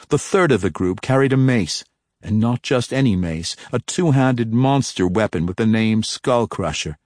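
A man narrating a fantasy audiobook in a measured, steady storytelling manner on a close mic. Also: on the low side, dry recording.

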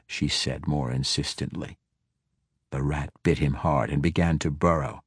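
Guy reading a fantasy audiobook, low husky voice, slow and steady. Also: dry recording, studio quality. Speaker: audiobook narrator. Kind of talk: scripted fantasy narration.

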